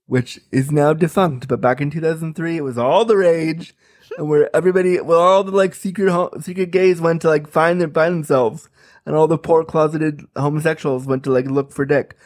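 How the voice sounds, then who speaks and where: Man, 30s, comic storyteller, slightly higher pitch, candid, chatty and unfiltered. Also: fairly even intonation, a little fast, a little mellow. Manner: candid, frank, chatty with many fillers.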